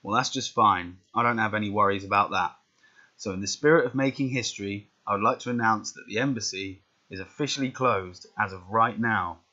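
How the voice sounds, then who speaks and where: A man's voice: on the low side, fairly quick, sharp tone. A man reading out the lines of a smug, lavish male wrestling manager in his plain voice, with no accent put on. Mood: grandiose. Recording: dull lo-fi recording.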